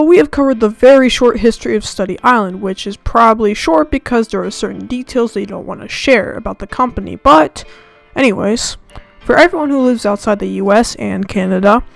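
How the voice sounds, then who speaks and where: A sarcastic American student woman rants on her channel with a gravelly, fry-laden voice. Her complaints are deliberately overblown and mocking. Faint music plays behind her. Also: a little high, low-quality recording. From United States. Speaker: channel host. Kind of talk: comedic rant to camera.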